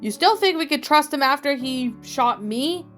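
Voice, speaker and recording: A hot-headed young man who snaps and swears at everyone around him, as a woman reading a fan story puts him on. The voice sits fairly high. Faint music plays underneath. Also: expressive, normal speed, a bit bright. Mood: angry. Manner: snapping, cursing.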